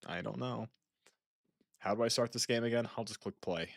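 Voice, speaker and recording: In a dry recording, a young man with a gravelly, medium-pitched voice talks at normal speed. He's streaming a video game and chatting casually, rambling, stopping himself short, and turning to talk with a friend off-mic.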